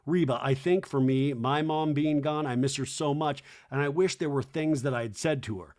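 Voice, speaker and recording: A man voicing an earnest, caring woman friend in a soft, low-key way. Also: normal speed, lightly acted. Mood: sincere.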